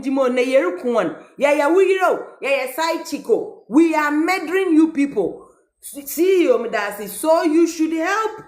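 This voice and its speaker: In a casual reaction video recorded in an echoey room, a high-pitched woman with a Ghanaian accent rants mockingly while reading a letter aloud. She's a social media commentator who switches between English and Twi.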